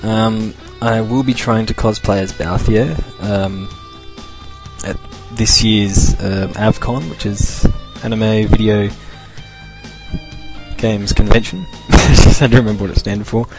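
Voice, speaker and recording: A man's voice: on the low side, fairly even intonation, unhurried, over music. A young Australian man hosting a casual solo podcast, rambling loosely and chuckling as he talks. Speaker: podcast host.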